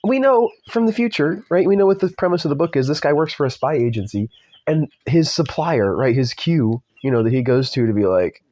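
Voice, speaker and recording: A man's voice: a little high, animated, fairly quick, a little mellow. A middle-aged man reading a book aloud and breaking off into mocking, exasperated asides. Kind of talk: read-aloud with sarcastic commentary.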